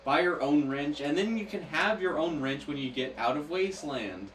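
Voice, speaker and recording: A man's voice: a little high, expressive, moderate pace. Male gamer, jokey and rambling, mic set far off in a noisy, echoing room. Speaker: gamer playing the game. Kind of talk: casual let's-play chat. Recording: echoey, distant mic, noisy background.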